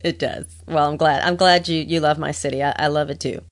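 A woman's voice: sits low, a little fast. A woman from New Orleans with a New Orleans accent, a meteorologist chatting as a podcast guest and laughing often. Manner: lively, laughs often, plays up her hometown. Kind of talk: casual podcast chat.

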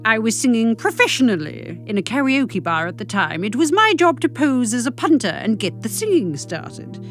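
A woman reading a comic monologue with dry, deadpan delivery. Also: fairly high pitch, moderate pace, soft background music. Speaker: comic storyteller.

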